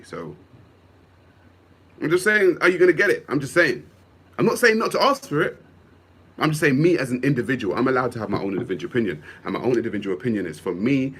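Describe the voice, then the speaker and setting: A man's voice: mid-range voice, fairly bright tone, slightly rough. A man, hosting a livestream and reading viewer comments aloud in a casual, musing way, often repeating himself.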